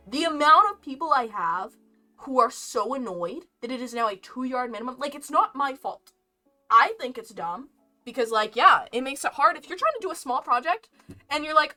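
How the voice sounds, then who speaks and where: A young woman with a high, bright voice chatting casually as a streamer. She rambles through a story with lively, swooping pitch and laughs often. Soft lo-fi music plays behind her. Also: fairly quick.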